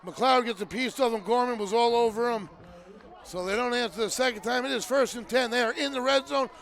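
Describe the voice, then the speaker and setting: A man calling a high school football game live as play-by-play announcer, often shouting with excitement over the plays. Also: brisk, vocal fry. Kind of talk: live sports commentary.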